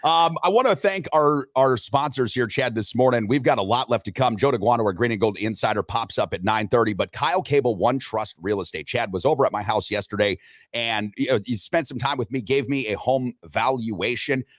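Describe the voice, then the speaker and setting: A man's voice: medium pitch, fairly quick, no room sound, clean studio sound. A man hosting a sports radio show, chatting loosely, joking and reading sponsor spots. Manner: loose, joking, swears casually. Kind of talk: casual sports talk with live sponsor reads.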